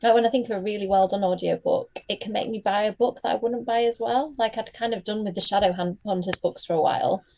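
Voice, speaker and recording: A woman's voice: mid-range voice, fairly even intonation, fast, creaky, hardly any pauses, warm tone, low-quality recording. A British woman who is a guest author, chatting casually and laughing often. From Britain. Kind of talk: casual chat.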